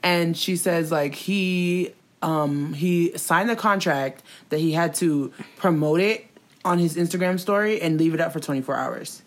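A woman telling gossip in casual chat, animated and slangy, swearing and acting out quotes. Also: fairly low pitch, measured pace.

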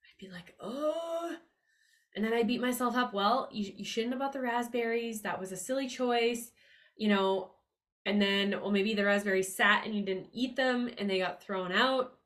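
A woman's voice: mid-range voice, normal speed, a bit bright. A woman hosting a podcast on money mindset, talking in a casual, upbeat and chatty way with many fillers and asides. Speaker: podcast host. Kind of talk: casual motivational talk.

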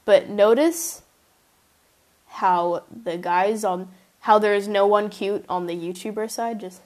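A woman's voice: medium pitch, steady tone, slow pace, long pauses. A young woman hosting a podcast, chatting casually in a giggly, gushing way with many fillers and apologies. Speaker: podcast host. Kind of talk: casual chat.

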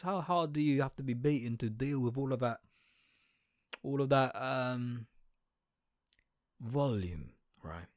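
A man's voice: mid-range voice, moderate pace, a little mellow, dry recording. Young man ranting, dry sound. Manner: sarcastic, blunt, full of slang and fillers. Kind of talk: profane ranting monologue.

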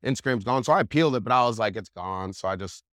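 A young man, a podcast guest, telling a wild story in a casual, animated way, full of "like". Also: on the low side, fast talker, no room sound, clean studio sound. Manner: animated, heavy use of "like", laughs while telling.

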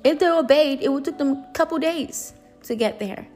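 Woman preaching, earnest, keeps repeating herself for emphasis, quiet music in the back. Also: high voice, normal speed. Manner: earnest, repetitive, emphatic preaching with many restarts. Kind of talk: sermon.

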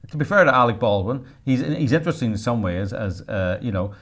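A man co-hosting a casual podcast chat, telling stories in an animated way and mimicking the people he quotes. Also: medium pitch, fairly quick. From Ireland. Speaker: co-host, filmmaker.

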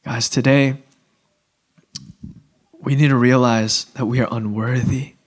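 A man delivers a sermon to a room, talking in a loose, everyday way with plenty of "like" and restarts. His voice sits at an ordinary middle pitch and often sinks to a quiet, earnest hush. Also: fairly even intonation, slow. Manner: conversational preaching full of "like", restarts and sudden drops to a hushed voice. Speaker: preacher.

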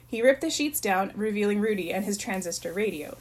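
A woman narrating a children's chapter book in a plain, even reading voice. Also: medium pitch, a little fast. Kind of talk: storybook read-aloud.

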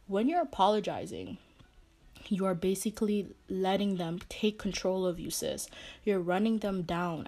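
A woman's voice: medium pitch, warm tone. A young woman giving casual relationship advice, blunt, swearing often, and padding her talk with fillers.

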